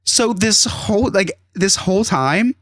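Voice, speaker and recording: Animated storytelling man, higher voice. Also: measured pace, dry recording, clean studio sound. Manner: animated, exasperated storytelling with acted-out quotes. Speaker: podcast host. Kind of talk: casual storytelling chat.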